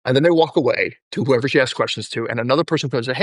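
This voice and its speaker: A man's voice: mid-range voice, very fast, dry recording, clean studio sound. A male podcast host telling stories in a casual interview chat and acting out the people he quotes. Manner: animated, acts out quoted people in his stories.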